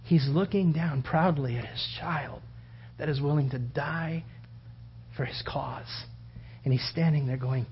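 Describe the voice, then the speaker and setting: A man preaching a sermon, acting out the story with loud outbursts and hushed whispers. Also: a little high, a little slow, slight background noise. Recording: dull lo-fi sound.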